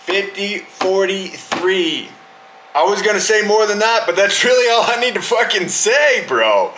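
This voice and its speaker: Bright-voiced man ranting on a podcast. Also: high voice, animated, a little slow, slight background noise, low-quality recording. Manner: heated, profane, riled up. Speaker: podcast host. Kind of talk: casual profane sports rant.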